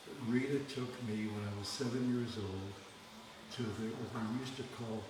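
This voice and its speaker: A man's voice: medium pitch, steady tone, normal speed. Older man telling rambling stories, echoey. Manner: rambling anecdotes, joking. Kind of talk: casual storytelling chat. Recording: echoey, distant with noise.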